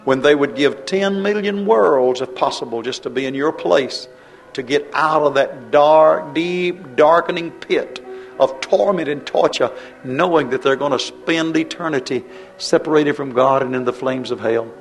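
A man preaching a fervent revival sermon, impassioned and pleading, his voice rising into high cries. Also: unhurried, soft background music.

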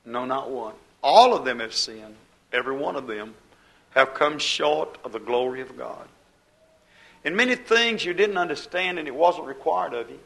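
A man's voice: a little high, creaky, fairly bright tone, rough recording. A man pastor preaching a fiery sermon, building emphasis and quoting scripture.

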